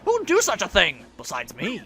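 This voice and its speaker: A man voicing a loud, grumpy giant turtle king villain who blusters and shouts in a comic way. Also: high-pitched, wildly swooping pitch, moderate pace, soft background music, heavily acted. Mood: blustering.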